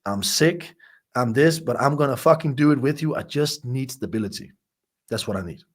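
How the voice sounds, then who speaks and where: Brief: male life coach as a podcast guest, raw and emotional, mid-pitched, swears a lot, stumbles and repeats words. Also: lively intonation, normal speed. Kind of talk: candid interview storytelling.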